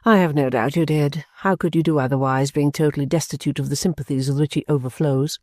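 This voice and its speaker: A woman voicing a self-absorbed middle-aged mother who talks in a calm, clear, smoothly condescending tone, in an audiobook reading. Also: on the low side, fairly quick, dry recording, clean studio sound. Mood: serene, dismissive. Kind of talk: audiobook character voice.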